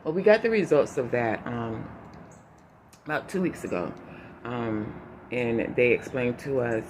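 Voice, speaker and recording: A man talks to his viewers, emotional and choking up as he holds back tears. His speech is halting and full of fillers and restarts, at an ordinary pitch for a man. A clear, steady hiss of noise sits behind his voice. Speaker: vlogger giving a family update. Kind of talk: unscripted personal update to viewers.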